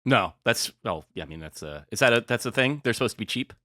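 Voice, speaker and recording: Wry, lively-voiced man on a call. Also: mid-range voice, fast talker. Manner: wry, joking asides. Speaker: podcast guest, writer. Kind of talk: casual chat. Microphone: remote call.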